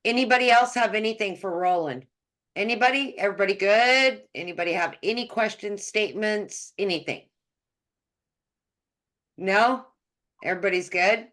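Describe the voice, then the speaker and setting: A woman's voice: mid-range voice, moderate pace, long pauses, a bit bright. A woman hosting a community video call, encouraging her guests and often repeating words. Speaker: community host.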